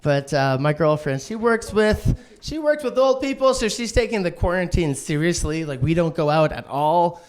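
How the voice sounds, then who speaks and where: Manic man with a lively voice. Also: moderate pace, few pauses. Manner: manic, swearing, acts out quotes in a shrill voice. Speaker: stand-up comedian. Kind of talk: stand-up set. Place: online streamed show.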